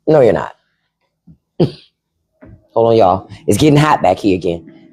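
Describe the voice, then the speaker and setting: Animated, profane woman livestreamer. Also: rumbling low, takes it slowly, pauses often, husky. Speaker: livestream host. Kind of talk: casual livestream rant.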